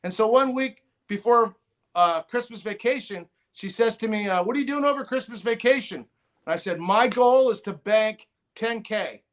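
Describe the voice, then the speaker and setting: A middle-aged man with a high voice, speaking at normal speed, tells a long, rambling story as a podcast guest. He restarts his sentences and quotes other people in lively voices, all in a casual storytelling style.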